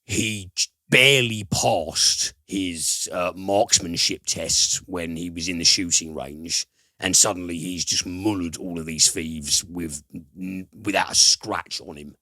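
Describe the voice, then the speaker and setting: A low-pitched man hosts a casual film podcast, walking through a plot in a halting way, full of ums and uhs and the odd swear word. His tone is bright and forceful, and the recording is dry and close with no room echo. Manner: hesitant, filler-heavy plot retelling with casual swearing. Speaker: podcast host, film reviewer. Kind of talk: casual film review chat.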